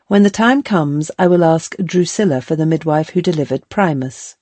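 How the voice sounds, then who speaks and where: A woman's voice: deep voice, normal speed, a little mellow, dry recording. A woman voicing a determined, loving young former slave in a historical audiobook, earnest and reassuring.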